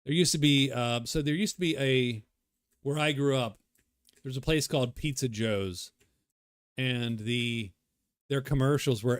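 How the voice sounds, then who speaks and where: A man with a medium-pitched voice talks casually as he works through a solo board game. He muses aloud, wanders off on tangents and mutters to himself between moves. The sound is close and dry, with no room echo. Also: moderate pace. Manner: thinking aloud, rambling, self-muttering. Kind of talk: casual solo playthrough commentary.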